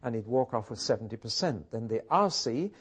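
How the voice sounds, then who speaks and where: A man's voice: mid-range voice, expressive, a little fast, breathy edge. A man teaching a Bible study, building points through rhetorical questions and personal stories. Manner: emphatic, rhetorical questions, storytelling. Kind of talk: teaching talk with anecdotes.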